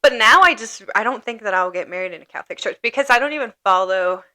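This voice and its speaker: A young woman co-hosting a podcast, telling stories in a chatty, animated way with lots of "like". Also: medium pitch, fast talker. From Croatian and Italian family. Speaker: podcast co-host. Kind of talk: casual chat.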